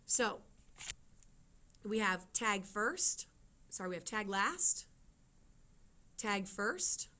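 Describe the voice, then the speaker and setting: A woman's voice: medium pitch, big pitch swings, extremely slow, pauses often, bright, forceful tone. A woman teaching a writing lesson, explaining step by step and checking in with her students. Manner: explains step by step, often asks "okay?".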